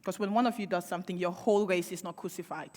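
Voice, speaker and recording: A woman's voice: fairly low pitch, steady tone, quick pace, darkish tone. A young woman giving a public speech, impassioned and sarcastic, with rhetorical questions. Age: young adult. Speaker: panel speaker. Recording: long hall reverb.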